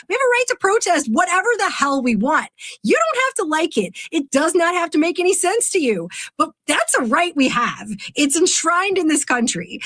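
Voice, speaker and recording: High-pitched, lively, ranting woman host. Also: no room sound. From Texas. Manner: blunt, profane, heated ranting. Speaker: podcast host. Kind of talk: commentary on news clips.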